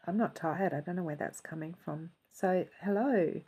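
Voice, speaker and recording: A woman's voice: lowish voice, animated, normal speed, dark tone, slightly rough. A woman talking to camera as an intuitive channeler, giving a casual spiritual reading and thinking aloud as she goes. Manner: chatty, thinking aloud, yawning and laughing.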